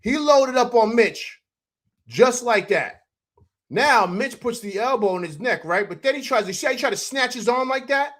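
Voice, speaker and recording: A young adult man hosting a casual postgame livestream, breaking down highlights and greeting viewers in an excited, chatty way that is full of fillers. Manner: excited, animated, repeats "man" and "you know what I'm saying". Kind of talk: casual sports commentary over highlights.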